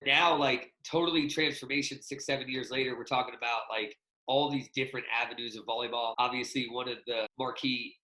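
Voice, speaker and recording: A man hosting a casual podcast, an animated storyteller who laughs often, talking over a video call. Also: mid-range voice, brisk. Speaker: podcast host. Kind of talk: casual chat. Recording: echoey room.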